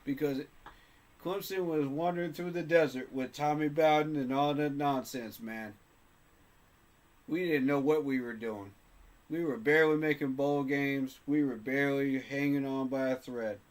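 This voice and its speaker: A man's voice: medium pitch, moderate pace. A man hosting a sports fan channel, talking casually to camera in a passionate, emphatic way and repeating phrases for effect.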